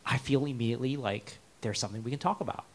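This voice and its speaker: A young man with an American accent preaching a sermon as a pastor, telling personal stories in a conversational way, moving between lively and hushed delivery. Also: mid-range voice, fast talker. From United States.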